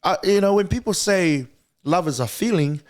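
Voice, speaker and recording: A man with a New Zealand accent, a guest on a casual podcast, talking bluntly and animatedly and acting out quotes with big leaps in pitch. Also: lively intonation, moderate pace.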